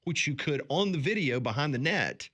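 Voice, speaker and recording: A male sports radio host chats from the studio with a bright, forceful tone. He tells stories in an animated way and often restarts his phrases. The talk is casual and lively. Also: on the high side. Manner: animated storytelling, quick restarts.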